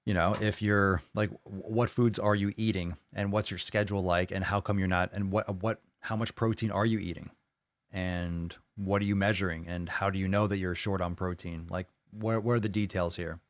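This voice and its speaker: A man's voice: sits low, steady tone, moderate pace, no echo. A man hosting a podcast on his own, reading listener posts aloud and reacting to them bluntly, with a lot of profanity and open skepticism. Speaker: podcast host. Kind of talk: casual solo podcast monologue.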